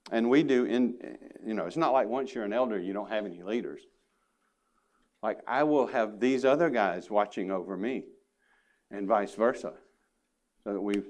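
A man's voice: mid-range voice, darkish tone. A man preaching a sermon to his congregation, earnest and emphatic, with casual asides. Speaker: pastor. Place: church sanctuary.

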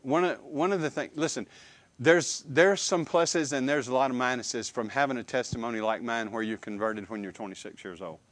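A man preaching a sermon, emphatic and animated, with repeated phrases and questions to the congregation. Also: mid-range voice, brisk, dry recording.

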